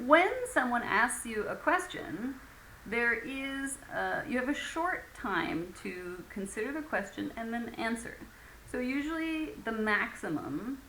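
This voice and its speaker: In an echoey room with faint background noise, a woman gives a recorded English conversation lecture. Her medium-pitched voice is bright and forceful, and she teaches patiently, using lots of fillers and acting out sample phrases.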